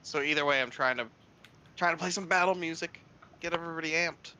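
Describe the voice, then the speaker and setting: A man's voice: on the high side, fast, sharp tone, clear, resonant tone. A man playing a tabletop game, chatty and eager. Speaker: player. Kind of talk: casual tabletop play.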